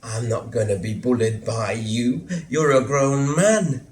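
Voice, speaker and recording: A man's voice: medium pitch, measured pace, a little mellow, slight background noise, natural voice. A male actor voicing a flighty, chirpy older mother who brushes things off airily. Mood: breezy. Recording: roomy theatre sound.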